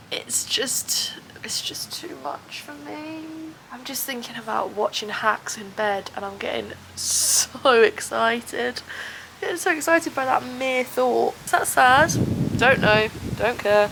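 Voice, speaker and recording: Brief: woman in her twenties, chatty self-mocking vlogger, vocal fry, recorded on a phone outdoors with clear background noise. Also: on the high side, animated, moderate pace. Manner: often drops to a soft near-whisper. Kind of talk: casual vlog chat to camera. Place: holiday terrace outdoors in a breeze.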